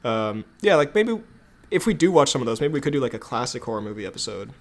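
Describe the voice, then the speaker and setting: A man co-hosting a casual podcast, laid-back and quick with jokes, laughing often between points. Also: mid-range voice, sing-song. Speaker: podcast co-host. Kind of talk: casual chat. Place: at home in quarantine.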